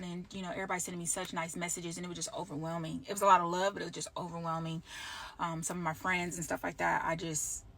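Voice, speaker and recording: Bright-voiced woman telling a heartfelt story. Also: on the low side, a little hiss or hum. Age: adult with children. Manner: heartfelt, rambling, lots of "like" and "I'm just like". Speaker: laid-off employee sharing her story. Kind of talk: emotional personal storytelling.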